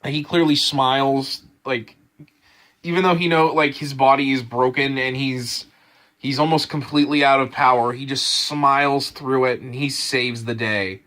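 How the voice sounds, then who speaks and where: A man casually rambling through an anime episode review, full of fillers, restarts and excitement. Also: mid-range voice, moderate pace.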